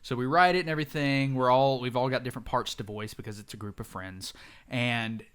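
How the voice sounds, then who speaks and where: A man hosting a podcast, telling a story in an animated way, laughing often and swearing freely. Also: mid-range voice, fairly quick, clean tone. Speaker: podcast host.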